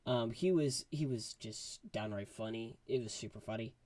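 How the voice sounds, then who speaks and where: A man giving a casual movie review, rambling and excitable, full of fillers. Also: mid-range voice, moderate pace, no echo.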